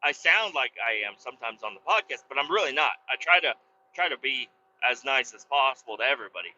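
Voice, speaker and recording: Animated, bright-voiced man telling a story. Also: mid-range voice, fast, dull audio, slight background noise. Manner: profane, animated, laid-back storytelling. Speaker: podcast host. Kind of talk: casual storytelling. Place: driving in a car.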